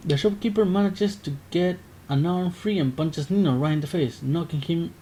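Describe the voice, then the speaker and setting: Mellow man reading a text game aloud. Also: fairly high pitch, moderate pace, few pauses. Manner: casual, self-interrupting narration. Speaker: gaming video creator.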